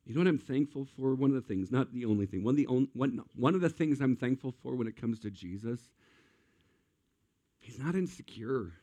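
A male pastor delivers a sermon with lively swings in pitch and volume. He is animated and slips into playful character voices when he quotes people. His everyday pitch sits in a middle range for a man.

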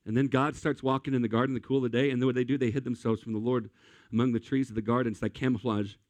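A man preaches to his congregation in a lively, conversational way, talking right at the people in front of him. His voice sits at an ordinary middle pitch. The sound is close and dry, with no room echo. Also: very fast. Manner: conversational, energetic preaching, addressing the congregation directly. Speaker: pastor. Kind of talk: sermon. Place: church service.

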